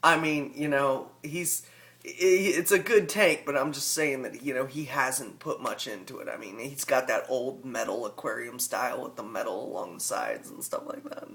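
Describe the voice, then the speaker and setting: A man's voice: medium pitch, fairly even intonation, normal speed, pushed and bright. A man with a rural Southern US accent, talking casually and rambling in a folksy way as a hobby vlogger. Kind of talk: casual vlog talk.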